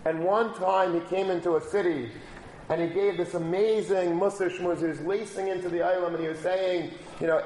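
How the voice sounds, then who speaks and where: A man's voice: sits high, steady tone, normal speed, a little mellow, slight background noise. A man giving a casual Torah talk, telling a story and using many Hebrew and Yiddish terms. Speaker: rabbi. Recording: echoey room, faint ambience.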